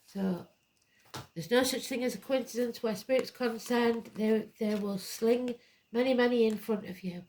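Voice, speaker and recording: A woman's voice: a little high, normal speed, darkish tone, a little hiss or hum. A woman giving a live tarot card reading, blunt and emphatic, drifting into rambling asides. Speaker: tarot reader.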